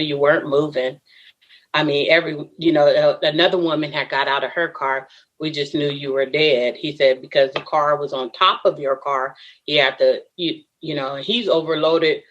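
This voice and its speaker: A woman's voice: sits low, lo-fi sound. A woman, a podcast guest, earnestly telling a personal story and laughing often between lines.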